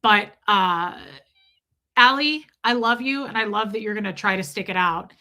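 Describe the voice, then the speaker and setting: A woman's voice: medium pitch, normal speed, pushed and bright. A woman hosting a livestream, chatting casually and effusively thanking her viewers. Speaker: livestream host.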